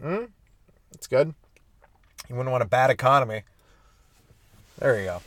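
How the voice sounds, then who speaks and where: A young adult man hosting a comedy podcast, stoned and rambling loosely through jokes with sudden animated bursts. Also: mid-range voice, a little slow, slight background noise. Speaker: podcast host.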